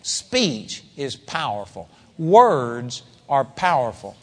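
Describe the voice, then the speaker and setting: A man's voice: medium pitch, sing-song, slow pace, long reverb tail. A man preaching a sermon in a conversational style with dramatic emphasis.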